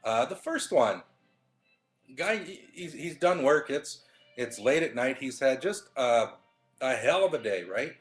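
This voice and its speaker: A man's voice: mid-range voice, big pitch swings, measured pace, faint music behind. Man rambling through a webcam pep talk. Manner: rambling storyteller with many fillers and restarts. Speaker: vlogger. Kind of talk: casual motivational monologue. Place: living room at home.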